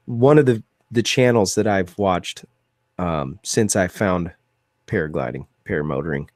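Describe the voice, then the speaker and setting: An excitable man with a low voice hosts a live-streamed talk show. He thanks donors and fires off questions. The sound is dry and close. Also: measured pace, no room sound. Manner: enthusiastic, thanks donors, many fillers. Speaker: host.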